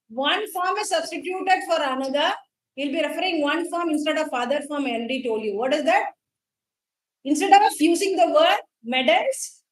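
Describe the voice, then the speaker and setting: A woman's voice: high-pitched, echoey room, rough recording. A woman with an Indian English accent teaching a college English class, explaining poetic terms and quizzing students, with frequent fillers. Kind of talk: classroom lecture on a poem.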